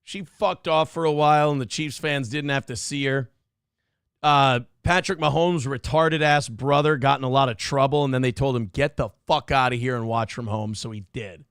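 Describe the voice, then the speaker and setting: Medium-pitched and fairly bright, this man's clear, resonant voice comes through in studio quality with no echo. Hosting a talk show, he talks casually and throws out crude, sarcastic, mocking jabs.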